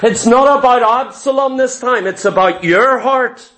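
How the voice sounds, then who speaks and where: A man preaching a sermon, retelling scripture with passion and dropping low and intense for emphasis. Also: a little slow, a bit bright. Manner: impassioned, dramatic storytelling, drops low and intense for emphasis.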